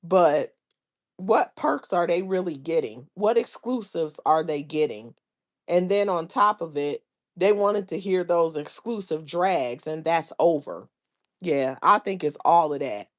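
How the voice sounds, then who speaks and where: A woman's voice: on the low side, animated, unhurried. A woman hosting a livestream, chatting casually about online drama and reading viewers' comments aloud in a drawling, gossipy way. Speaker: livestream host.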